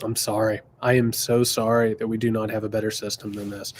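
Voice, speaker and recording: Fairly low and flat, this man's voice moves briskly over a little hiss or hum as he runs a political Q&A stream for viewers. Blunt and passionate, he swears, repeats phrases to drive points home, and mocks people by imitating their voices in casual livestream commentary.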